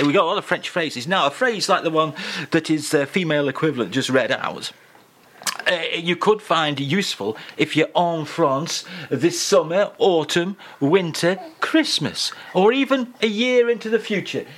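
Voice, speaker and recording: A man presenting a radio show, playful and jokey, bantering from a studio. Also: fairly high pitch. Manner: playful, jokey, animated delivery. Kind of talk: comic radio chat.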